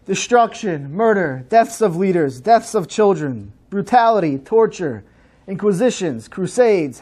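A man speaks at a synagogue program in a high voice. His delivery is slow and measured, the steady cadence of a solemn sermon. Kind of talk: solemn sermon-style talk.

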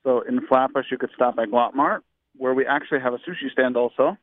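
A man with a Baltimore accent speaks over a tinny, narrow phone line. His voice is dry and close, at an ordinary pitch. He talks in a relaxed, easygoing way, with plenty of "like" fillers. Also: fairly quick, no room sound. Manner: relaxed, uses many fillers like "like". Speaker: guest on the phone. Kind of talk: casual radio phone interview.

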